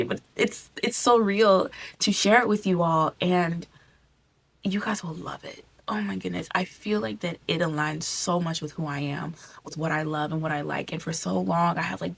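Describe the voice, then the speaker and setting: A woman's voice: fairly low pitch, gravelly, fairly bright tone. A young woman talking to camera in a personal vlog, gushing and repeating herself, close to tears at times. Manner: gushing, repetitive, tearful at times. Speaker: vlogger. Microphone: camera mic.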